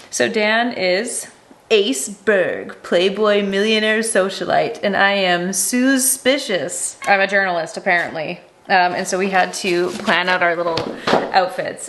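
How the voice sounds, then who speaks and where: A young woman vlogging casually from her home, chatty and excitable. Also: medium pitch, creaky, a little hiss or hum. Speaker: lifestyle vlogger. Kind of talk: casual vlog chat.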